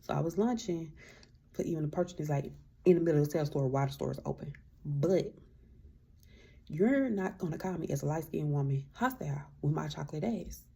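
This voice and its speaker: A woman's voice: low voice, a little fast, vocal fry, warm tone, husky. A woman giving a frank, self-mocking editor's-note voice-over with profanity. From Memphis, US. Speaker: vlogger adding an editor's note. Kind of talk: casual voice-over aside.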